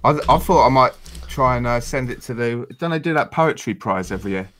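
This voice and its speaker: A man co-hosting a stream, chatting casually and trailing off softly as he rambles. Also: medium pitch, lively intonation, brisk, a little hiss or hum. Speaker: streamer co-host. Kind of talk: casual chat.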